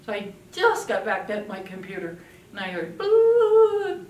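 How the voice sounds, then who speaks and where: An older woman giving a parenting talk to an audience, telling stories in an animated way and acting out children's voices. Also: medium pitch, measured pace, reverberant, distant mic, muffled recording. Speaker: parenting speaker.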